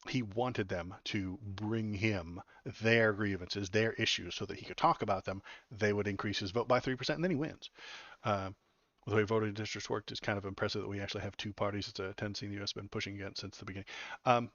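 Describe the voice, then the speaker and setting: A male political live streamer with a lowish, somewhat bright voice talks fairly quickly, giving casual, rambling and sarcastic commentary. He speaks into a desk mic while wearing headphones, and the home stream audio is dull and dry, with no room sound.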